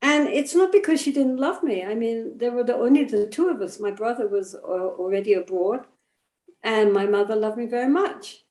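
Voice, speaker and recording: An older woman speaks as a Buddhist teacher, gentle and thoughtful, her voice sitting a little high. She explains things slowly and often adds a soft "you know". The recording sounds roomy and echoey. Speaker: Buddhist teacher answering questions. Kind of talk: reflective spiritual teaching.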